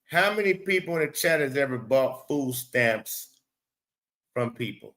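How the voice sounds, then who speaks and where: A man's voice: medium pitch, animated, unhurried, a bit bright. A man hosting a live stream, rambling, profane and blunt as he talks back to his chat. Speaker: livestream host.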